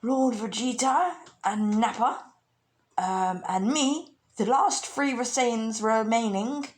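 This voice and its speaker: A woman's voice: a little high, slow, voice pushed up. An arrogant male alien warrior, blustering and easily flustered, as a woman acts him out. He stammers when things go against him. It comes from a casual fan retelling.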